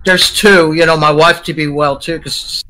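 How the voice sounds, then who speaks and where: A man's voice: a little high, fairly even intonation, moderate pace, pushed and bright, low-quality recording. A man from New York, a guest chatting casually about living with kidney disease. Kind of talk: casual chat.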